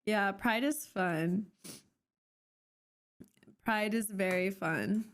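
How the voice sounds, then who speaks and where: A woman's voice: mid-range voice, drawn-out words, pauses often. A young woman from Canada chatting casually on a live stream, rambling with many fillers and restarts.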